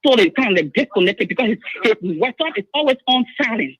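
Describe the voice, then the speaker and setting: Woman caller, Liberian English, husky, rapid and lively, insistent. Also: a little high. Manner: urgent, insistent, repeats herself. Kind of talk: emotional phone-in account. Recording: dull phone line.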